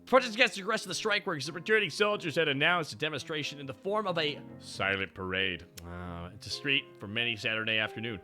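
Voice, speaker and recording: A young man streaming while driving, reading history aloud with animated, profane, sarcastic asides. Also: mid-range voice, fast talker, hardly any pauses, soft background music.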